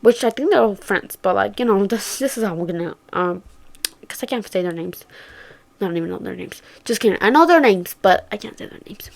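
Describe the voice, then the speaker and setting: Expressive and a little fast, her mid-range voice carries some vocal fry. She's a young vlogger spinning a story for viewers in casual chat, cursing a lot and performing her friends' quoted lines.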